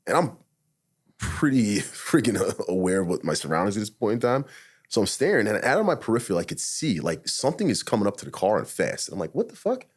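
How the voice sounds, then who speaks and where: A retired police officer with a very deep, husky voice tells his story at a fast clip. He is blunt and profane. He acts out his own thoughts and lines as he goes. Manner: blunt, profane, animated retelling with acted-out inner quotes. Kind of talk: casual storytelling interview.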